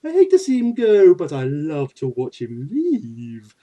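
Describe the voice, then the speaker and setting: A man voicing a flamboyant, creepy male villain in a high, sing-song, leering voice. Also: wildly swooping pitch, a little slow, warm tone, muffled recording, exaggerated voice.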